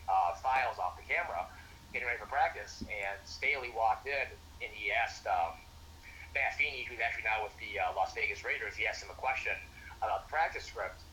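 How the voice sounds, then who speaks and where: A man's voice: mid-range voice, pushed and bright, slight background noise, low-quality recording. A young man, a former college football coach, telling stories in a casual interview with lots of fillers and restarts. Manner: rambling, many restarts and fillers.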